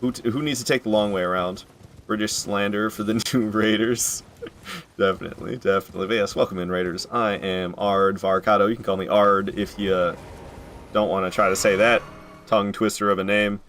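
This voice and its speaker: A man's voice: fairly low pitch, steady tone, fairly quick, a bit bright, a little hiss or hum. A man chatting casually with his viewers while he streams a video game from home, joking and laughing often. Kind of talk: casual live-stream commentary.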